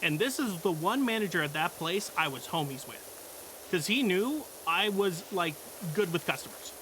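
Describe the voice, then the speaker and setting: A man's voice: high voice, animated, moderate pace, sharp tone, slight background noise. A young man streaming, telling a work story in a blunt, profane, exasperated way. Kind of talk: casual storytelling.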